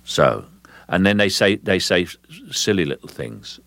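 An older man from London, an actor as an interview guest, speaking in a measured, deliberate way and pausing to restart sentences. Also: expressive, creaky, fairly bright tone, no room sound. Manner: measured, deliberate, with frequent restarts and low chuckles. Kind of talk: relaxed, anecdotal interview talk.

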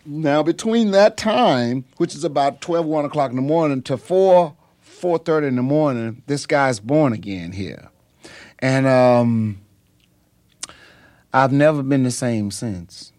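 An older man, a pastor, telling his story in an interview, halting with many ums and jumping high in pitch as he relives it. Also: expressive, a little mellow, no echo. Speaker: pastor and singer, interview guest.

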